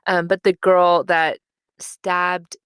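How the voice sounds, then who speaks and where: A woman's voice: on the low side, flat delivery, takes it slowly, clear, resonant tone, dry recording, studio quality. A young adult woman co-hosting a book podcast, chatting casually and emphatically with lots of fillers. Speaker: podcast co-host.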